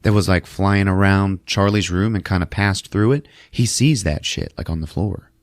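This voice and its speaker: A man's voice: sits low, normal speed, no echo, clean studio sound. A man hosting a podcast, casually retelling a film with loose, profane energy. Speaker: podcast host recapping a film. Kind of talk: casual chat.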